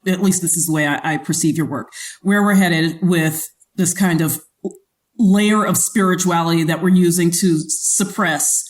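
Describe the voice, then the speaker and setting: A woman's voice: fairly low pitch, fairly even intonation, moderate pace. A woman hosting an interview in casual chat, talking freely and laughing often, with many restarts. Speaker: podcast host.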